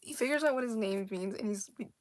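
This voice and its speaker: A young woman rambles through her character lore with a fairly high voice. She keeps pausing for fillers, restarting sentences and giggling. The tone is loose and chatty. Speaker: storyteller. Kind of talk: casual rambling about her original characters.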